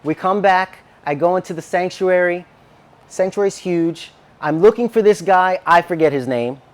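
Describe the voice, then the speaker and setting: A man preaching a sermon, telling a personal story in an animated way and acting out the dialogue. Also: high-pitched, moderate pace. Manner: animated, acts out quoted dialogue. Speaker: minister.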